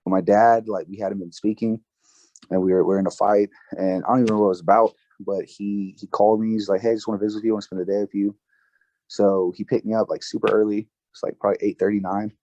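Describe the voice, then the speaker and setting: Low-voiced young man telling a personal story. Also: flat delivery, warm tone, muffled recording. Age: 20s. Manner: casual, halting, many fillers and restarts; emotional, recounting grief. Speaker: guest.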